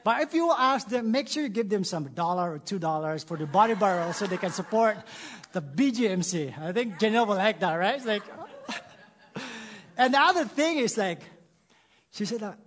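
A man with a Filipino accent, opening a sermon in church with jokes, animated and laughing at himself. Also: sits high, moderate pace. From Philippines. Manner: animated, laughing, self-deprecating. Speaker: church speaker. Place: church, before a congregation.

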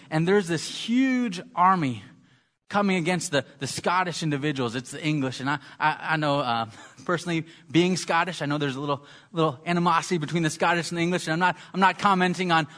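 Man, preacher, sermon, halting, repeats words, slightly high voice. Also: a bit bright. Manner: halting, repeats words while searching for them.

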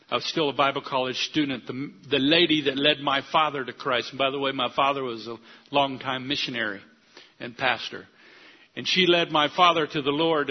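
An older man, a pastor, preaching an earnest sermon that rises to loud declarations. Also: on the high side, dull audio.

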